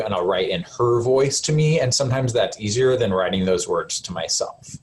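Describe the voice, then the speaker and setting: A man's voice: lowish voice, animated, normal speed, hardly any pauses, darkish tone, slight background noise. Chatty man giving a webinar. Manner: conversational, many fillers and self-corrections. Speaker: counselor presenting a webinar. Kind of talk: casual live webinar talk.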